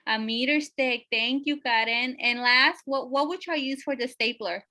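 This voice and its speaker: A woman teaching a math lesson, asking her students questions and often pausing with fillers. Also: high voice, sharp tone. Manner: checks in with questions, many fillers.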